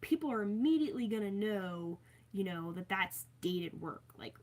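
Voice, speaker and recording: A woman's voice: mid-range voice, expressive, normal speed. A young woman chatting casually on a livestream from her bedroom, reading out viewer comments and rambling with frequent filler words.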